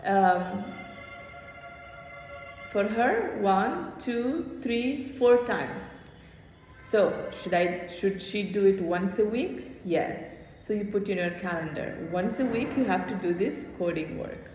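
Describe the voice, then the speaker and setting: A woman yoga teacher leading a small class, animated, often checking in with a quick "hmm?". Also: mid-range voice, soft background music. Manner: animated, checks in with "hmm?", acts out inner voices. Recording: echoey hall with faint ambience.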